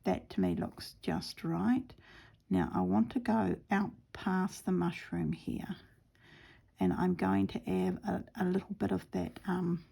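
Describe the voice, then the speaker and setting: A woman hosting a casual embroidery tutorial, talking softly to herself and often half-whispering as she works. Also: on the low side, vocal fry, husky. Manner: soft, often half-whispered self-talk while stitching; chatty and rambling with fillers. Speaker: embroidery stitch-along host.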